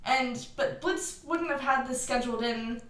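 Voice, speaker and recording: Higher-voiced woman musing in an echoey room. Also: unhurried, fairly bright tone, slight background noise. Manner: musing, thinks aloud with fillers. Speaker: podcast co-host. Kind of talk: casual fan podcast chat.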